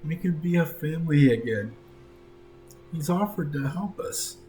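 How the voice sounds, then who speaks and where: Male GM voicing a young girl: high, desperate, pleading. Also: lively intonation, a little slow, dark tone, soft background music, rough recording. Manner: pleading, earnest. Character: frightened, pleading little girl.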